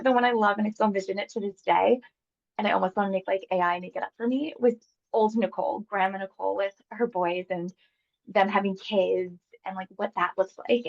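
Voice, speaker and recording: A woman in her thirties speaks openly and emotionally as an interview guest, wandering through her thoughts with plenty of filler words. Her voice has a gravelly, fried edge. The recording is somewhat dull and lo-fi. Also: mid-range voice, darkish tone. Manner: emotional, rambling with many likes. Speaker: hypnosis client guest. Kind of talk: candid conversational interview.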